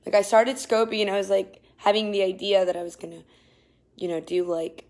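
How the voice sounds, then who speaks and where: A young woman streams from her phone in a shared apartment while feeling nauseous. She chats casually with viewers, her voice swinging from sudden loud bursts to low, weary murmurs. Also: fairly even intonation, a little fast, gravelly. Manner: chatty, drifting between loud outbursts and tired murmurs. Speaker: live streamer. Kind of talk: casual live-stream chat reading comments.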